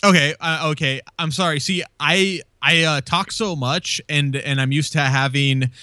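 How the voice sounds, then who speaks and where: A man's voice: fairly high pitch, normal speed, bright, forceful tone, no room sound. A man in casual chat, rambling and swearing freely with many restarts.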